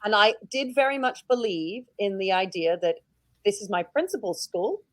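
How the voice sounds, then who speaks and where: Woman, British accent, head teacher guest, outspoken, lively storytelling, dry close sound. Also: medium pitch, moderate pace, dry recording. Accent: British English. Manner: outspoken, animated storytelling with laughs. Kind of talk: casual interview conversation.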